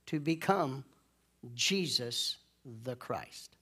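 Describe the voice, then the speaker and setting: A man preaching a sermon, leading call-and-response and drawing out key phrases slowly. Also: on the high side, lively intonation, a bit bright. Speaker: pastor.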